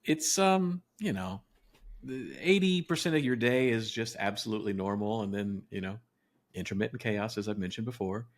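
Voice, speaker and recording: A man's voice: on the low side, normal speed. A man co-hosting a podcast in casual chat, reflective and wry, often restarting his sentences as he thinks aloud. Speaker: podcast co-host.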